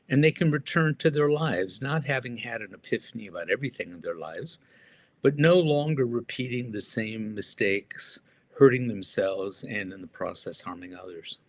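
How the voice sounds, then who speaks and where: A man answering interview questions as an author and guest, speaking thoughtfully with frequent pauses and restarts. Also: on the low side.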